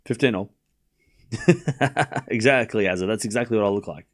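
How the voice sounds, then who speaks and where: A man's voice: lowish voice, moderate pace. Chatty man calling a tennis watchalong. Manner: chatty, jokey, calls scores while reading chat. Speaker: watchalong host. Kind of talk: casual live tennis watchalong commentary.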